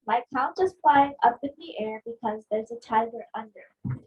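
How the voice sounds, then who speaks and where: A woman's voice: on the high side, normal speed, breathy edge, muffled recording. A woman reads a picture book aloud at a book club, expressively acting out the sound effects.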